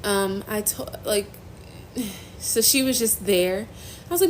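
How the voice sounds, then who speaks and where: A young woman hosting a faith-based phone live stream, giving an emotional personal testimony in a halting, earnest way, near tears. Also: mid-range voice, slight background noise, low-quality recording. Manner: halting, earnest, trailing off and restarting.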